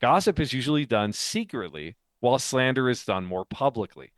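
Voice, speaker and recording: A man's voice: medium pitch, big pitch swings, normal speed, dry recording. A man co-hosting a faith podcast, explaining ideas in casual chat, talkative and laughing often. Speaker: podcast co-host and author.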